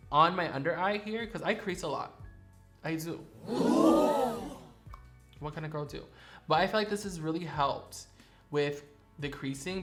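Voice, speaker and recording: A man's voice: fairly high pitch, a bit bright. Sassy chatty drag performer, male. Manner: sassy, chatty, playfully dramatic. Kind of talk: makeup product vlog. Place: studio.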